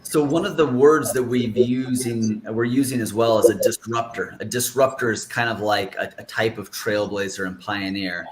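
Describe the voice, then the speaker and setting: A man's voice: medium pitch, fairly even intonation, normal speed, hardly any pauses, slight background noise. Joking, chatty man hosting an interview. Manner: joking, chatty, stumbling restarts. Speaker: interview host. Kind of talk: casual interview chat.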